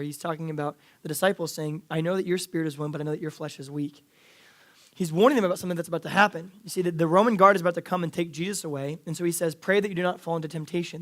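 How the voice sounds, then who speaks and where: A man in his thirties preaching a casual, earnest sermon to a youth group, with lots of fillers and restarts. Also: on the high side. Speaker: youth pastor. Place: church youth service.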